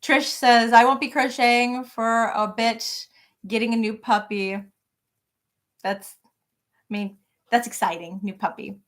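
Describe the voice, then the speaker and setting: Middle-aged woman, slightly high voice, bubbly live-stream host chatting from her home office. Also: fairly even intonation, a little slow, long pauses, a bit bright. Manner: bubbly, greets viewers by name. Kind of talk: casual live-stream chat.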